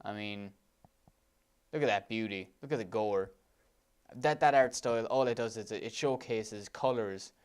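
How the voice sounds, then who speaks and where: A man's voice: lowish voice, moderate pace, pauses often, a little mellow, smooth. A man with an Irish accent giving enthusiastic commentary over gameplay footage, gushing about what he sees. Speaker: let's play commentator.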